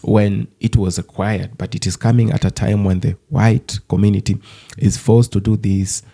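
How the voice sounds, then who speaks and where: Deep gravelly man hosting commentary. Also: steady tone, normal speed, warm tone. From Africa. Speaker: channel host. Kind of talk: scripted commentary.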